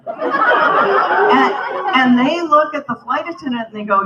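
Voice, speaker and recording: A woman's voice: high-pitched, very animated, slow, pauses often, very noisy. A woman giving a humorous banquet speech, telling a story and acting out the other people's lines. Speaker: banquet speaker. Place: convention banquet hall. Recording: roomy, distant, slightly dull hall recording.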